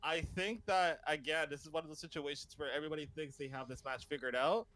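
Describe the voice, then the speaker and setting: A man hosting a casual podcast chat, enthusiastic, laughing often and filling pauses with ums. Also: a little high, fairly even intonation, a bit bright, poor audio. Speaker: podcast host.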